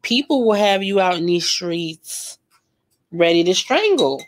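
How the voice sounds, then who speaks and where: A woman's voice: on the low side, expressive, measured pace, slight background noise. A young woman chatting casually and emotionally while she paints, with lots of fillers and slang. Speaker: art vlogger painting live.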